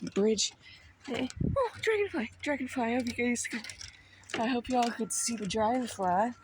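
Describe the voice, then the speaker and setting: A woman's voice: a little high, moderate pace. A young woman casually vlogging a nature walk into her phone, playful and chatty, a little out of breath, with faint outdoor noise behind. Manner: playful, chatty, exclaims at what she sees. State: slightly out of breath. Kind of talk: casual walking vlog. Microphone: handheld phone.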